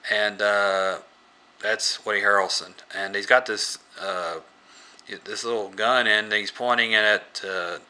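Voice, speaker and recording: This is a man with a lowish, sharp, tense voice, recapping a movie casually. He rambles and halts often, filling the gaps with filler words. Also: fairly even intonation, unhurried, smooth. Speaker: movie reviewer.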